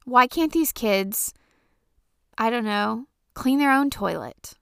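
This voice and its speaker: Slow, gravelly-voiced woman podcast host ranting. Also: fairly high pitch, expressive, fairly bright tone, no room sound, studio quality. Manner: profane, exasperated ranting with bursts of laughter. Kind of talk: casual ranting monologue.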